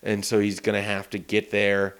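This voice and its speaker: A man with a fairly low, smooth and clear voice, talking in a relaxed, rambling manner. He co-hosts a casual sports chat, recounting reporting trips and anecdotes at an easy pace. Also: moderate pace.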